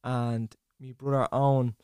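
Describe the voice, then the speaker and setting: A man with a softened Dublin accent, a podcast guest talking earnestly in a casual chat. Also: medium pitch, level tone, clear, resonant tone, no room sound, clean studio sound. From Ireland. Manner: earnest, measured, trying to speak neutrally.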